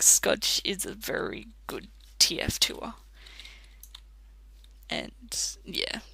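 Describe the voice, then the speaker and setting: An Australian let's play commentator rambling casually while gaming, chatty and quick to laugh. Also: medium pitch, pushed and bright.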